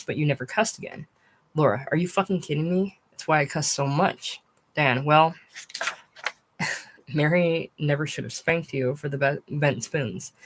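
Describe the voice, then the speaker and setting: A woman's voice: low voice, low-quality recording. A woman reading a memoir written as a dialogue aloud, telling stories in a conversational way and speaking the quoted lines. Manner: conversational storytelling, quoting others aloud. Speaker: audiobook reader.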